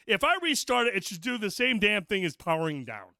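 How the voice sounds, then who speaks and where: A man's voice: high-pitched, very animated, fairly quick, sharp tone, no room sound, studio quality. A man co-hosting a podcast, chatting casually and telling rambling, profane stories. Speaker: podcast co-host. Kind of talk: casual chat.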